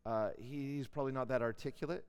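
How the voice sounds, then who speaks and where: A man's voice: medium pitch, steady tone, a little fast, clear, resonant tone. A man giving a classroom Bible lecture in a conversational way, putting questions to his students. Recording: long hall reverb.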